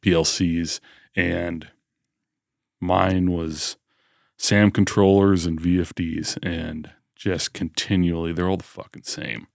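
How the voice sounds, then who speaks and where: A man's voice: sits low, little pitch movement, slow pace, vocal fry, no echo, studio quality. A man who is a podcast guest, talking bluntly and reflectively in casual, profane conversation.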